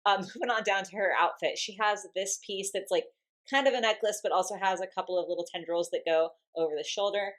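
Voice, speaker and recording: A woman's voice: medium pitch, fast. A woman, reviewing dolls in a casual, gushing and giggly unboxing talk. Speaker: doll collector vlogger.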